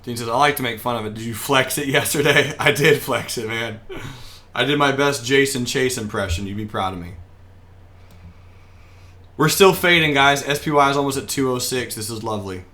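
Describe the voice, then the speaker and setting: A man's voice: medium pitch, moderate pace, sharp tone. A young man giving casual, joking live commentary on the market as he trades, reading viewer comments aloud and chatting back. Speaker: day trader streaming live.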